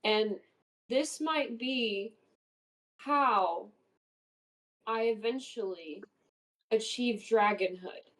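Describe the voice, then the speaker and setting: A woman speaking in character at a tabletop game, earnest and deliberate. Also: on the high side, fairly bright tone, rough recording. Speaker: player. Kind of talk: in-character tabletop role-play.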